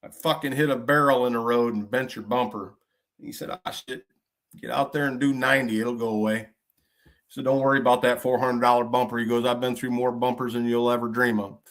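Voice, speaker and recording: A man's voice: medium pitch, fairly even intonation, quick pace, a bit bright. Blunt, folksy middle-aged man. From Michigan. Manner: blunt storytelling with frequent cursing; folksy trucker slang. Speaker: podcast host. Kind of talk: casual podcast monologue.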